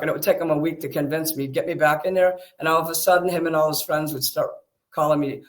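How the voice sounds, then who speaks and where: Man, defensive and heated, frequent swearing, higher pitch. Casual chat. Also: fairly even intonation, quick pace, fairly bright tone. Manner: agitated, defensive, swears a lot. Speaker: streamer talking with a friend.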